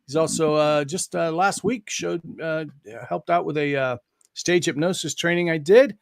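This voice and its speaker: A man's voice: on the high side, moderate pace, vocal fry, no room sound, clean studio sound. A man from the United States hosting an online book launch over a video call, talking loosely with many fillers and little laughs. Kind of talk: casual livestream chat.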